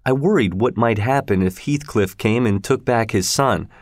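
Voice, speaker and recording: Measured man reading a story. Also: mid-range voice, no echo, studio quality. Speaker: narrator. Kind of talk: storybook narration.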